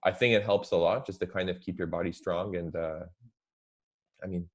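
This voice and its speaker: A young man with a very low voice chats casually as a guest on a talk show. He talks in a relaxed, rambling way and leans on "like" at nearly every turn. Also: moderate pace. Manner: relaxed, heavy use of "like" fillers. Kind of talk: casual chat.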